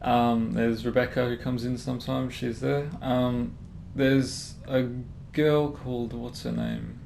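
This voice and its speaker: A man's voice: medium pitch, little pitch movement, slow, vocal fry, a little mellow, a little hiss or hum. A young man casually telling a rambling story over game voice chat, laughing as he goes. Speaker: gamer in party chat. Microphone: headset over voice chat.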